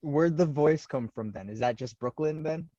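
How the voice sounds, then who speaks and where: Male podcast host, easygoing and jokey; warm low tone, dry lo-fi mic. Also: moderate pace, dry recording. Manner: relaxed, joking questions. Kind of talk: casual interview chat. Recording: dull dry lo-fi sound.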